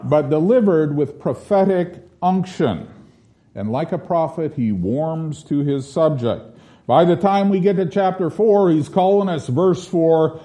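Male preacher, slightly higher voice, mellow, unhurried, swings into bold declamation. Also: animated. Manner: slow deliberate preaching, rising to forceful declamation in scripture readings. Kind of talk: sermon.

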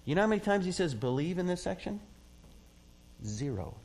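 A man's voice: high-pitched, big pitch swings, a little fast, a little mellow, slight background noise. A man preaching a sermon as a pastor, in a conversational way, acting out quoted voices and often laughing.

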